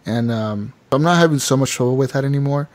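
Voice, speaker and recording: Talking fast in a medium-pitched voice, a young man co-hosts a relaxed gaming podcast. He tells stories with lots of energy and acts out the game characters.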